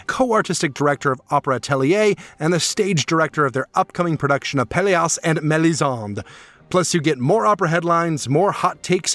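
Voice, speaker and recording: A man hosts a podcast in a casual, chatty way, with a voice a little higher than most men's. He laughs often and restarts his sentences as he goes. The sound is dry and close, with no room echo. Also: a bit bright. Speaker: podcast host. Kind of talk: casual chat.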